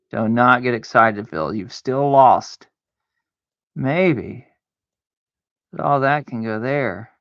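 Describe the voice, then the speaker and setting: With a medium-pitched voice and vocal fry, a man streams solitaire, musing aloud, debating himself, and crying out in mock fear. There's no room sound; the recording is dull, dry, and lo-fi.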